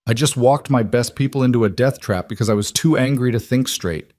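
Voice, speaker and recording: A man's voice: mid-range voice, a little fast, a little mellow, no room sound, voice pushed up, lightly acted. A man voicing a tense, bitter mafia boss in an audio crime story, speaking in terse lines.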